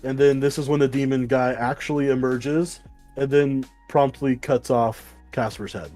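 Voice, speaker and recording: A man co-hosting a casual podcast, talking through a comic book review in a rambling, excited way and swearing casually. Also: mid-range voice, moderate pace, soft background music. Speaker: podcast co-host.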